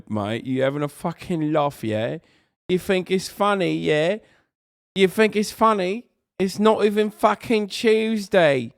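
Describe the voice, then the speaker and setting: A man's voice: sits high, smooth, no room sound, studio quality, pitched above the performer's own voice. A man putting on a rowdy British lad. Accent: put-on British. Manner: aggressive, taunting with repeated tag questions. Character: rowdy young British lad picking a fight.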